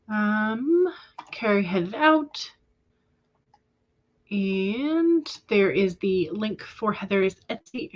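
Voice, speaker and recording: A woman's voice: medium pitch, dull audio. A woman hosting a casual livestream chat, talking in a chatty, hesitant way with many ums and small laughs. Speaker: livestream host of writing sprints.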